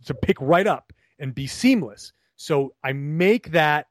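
Chatty podcast guy, a bit high pitched, dry close sound, keeps restarting sentences. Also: slow, few pauses, no echo. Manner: animated, rambling with restarts. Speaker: podcast co-host. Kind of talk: casual podcast conversation. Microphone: remote call.

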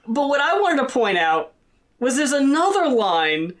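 A man's voice: extremely high pitch, very animated, a little slow, a bit bright. A man co-hosting a rap album review podcast, talking casually, swearing bluntly and repeating words as he starts. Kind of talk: casual chat.

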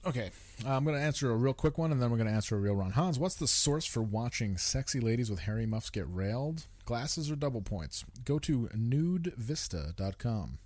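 A man's voice: mid-range voice, expressive, fairly quick, a little mellow. Rambling, profane man hosting a podcast. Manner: rambling, profane, laughs often. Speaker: podcast host. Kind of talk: crude comedic podcast banter.

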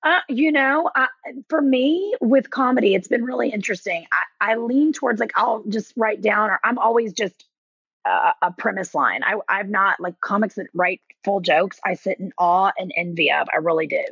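A woman comedian with a Southern US accent, chatting casually and telling animated stories with many restarts. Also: mid-range voice, normal speed, husky, no echo, dull audio. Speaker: guest comedian. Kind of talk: casual chat.

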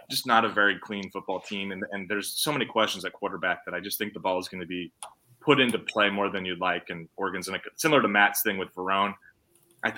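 A man's voice: deep voice, bright, forceful tone. A man co-hosting a casual sports podcast, rambling and joking at his own expense as he talks through his picks. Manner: quick, rambling, self-deprecating.

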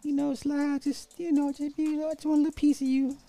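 A man putting on the voice of a young woman sweetly pleading to have his child, in a high falsetto. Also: completely flat delivery, quick pace, gravelly, mellow, faint music behind. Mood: coaxing. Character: breathy, coaxing young woman wanting a child.

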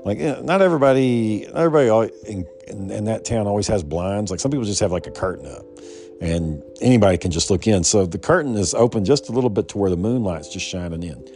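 A man with a low voice tells a personal story in loose, rambling fashion, swearing freely and restarting sentences as he goes. Faint music sits quietly behind him. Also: expressive, fast talker. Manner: profane, rambling, many restarts. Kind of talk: casual personal anecdote.

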